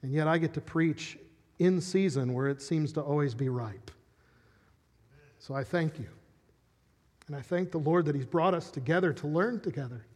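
A man's voice: fairly high pitch, normal speed, long pauses, darkish tone. A man preaching a sermon as pastor, teaching earnestly and often restarting phrases. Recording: reverberant hall.

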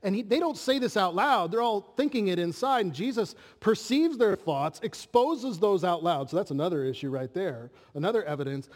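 A male pastor delivers an earnest sermon, often turning to his listeners with rhetorical questions. His voice sits a little high for a man. The recording carries a long reverb from the hall. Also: lively intonation, moderate pace, hardly any pauses.

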